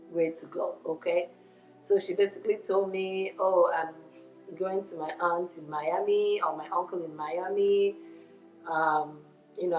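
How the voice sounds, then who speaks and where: A middle-aged Nigerian woman telling her own immigrant story in an earnest, reflective way. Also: on the low side. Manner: earnest, reflective, with small laughs and self-corrections. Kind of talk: personal testimony monologue. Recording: echoey room with faint music.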